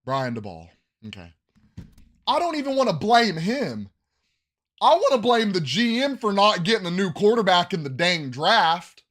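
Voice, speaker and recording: A man hosting a casual sports podcast, ranting in bursts of loud hype and dropping to muttered asides, coughing when he yells. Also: a little high. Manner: animated, swings between yelling hype and muttering asides. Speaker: podcast host.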